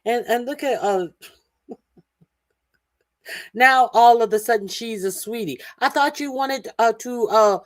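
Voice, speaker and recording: A woman's voice: on the high side, measured pace, long pauses, no room sound. Angry, cursing woman commentator, very dry sound. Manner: angry, cursing, many filler "uh"s. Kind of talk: heated commentary over a clip.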